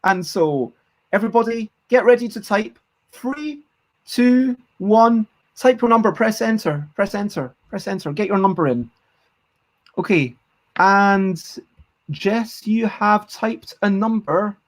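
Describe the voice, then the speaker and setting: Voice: mid-range voice, measured pace. A streamer hosting a casual game design session, thinking aloud and counting out numbers. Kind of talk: casual live-stream chat.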